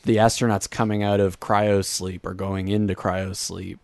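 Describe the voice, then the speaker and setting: Male podcast co-host, lowish voice, dry close sound, chatty, jumps in to finish sentences. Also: flat delivery, normal speed, gravelly, darkish tone, no echo. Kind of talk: casual chat.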